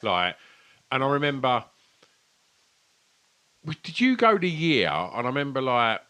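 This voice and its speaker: A man's voice: mid-range voice, huge pitch swings, a little slow, pushed and bright, clear, resonant tone. A man, co-hosting a casual podcast chat and telling rambling, sweary stories. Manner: rambling, sweary, chatty storytelling. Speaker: podcast co-host. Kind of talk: casual chat over beers.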